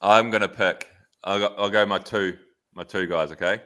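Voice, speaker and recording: New man, very low voice, rambling anecdotes, casual podcast chat. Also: fairly even intonation, moderate pace, fairly bright tone. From New Zealand. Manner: rambling anecdotal storytelling with laughs. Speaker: podcast co-host, former pro cyclist.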